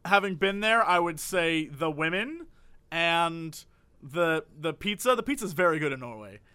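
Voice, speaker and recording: Male co-host, high bright voice, sarcastic and teasing banter. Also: lively intonation, a little slow, clear, resonant tone. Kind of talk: comedic podcast banter.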